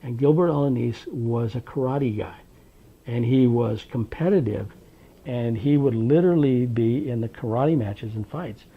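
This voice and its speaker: A man from Washington state recounting his past in an oral history interview, unhurried and wry, with plenty of ums and uhs. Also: mid-range voice, husky, narrow, tinny audio. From Tri-Cities, Washington, USA. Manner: unhurried, wry storytelling with many fillers.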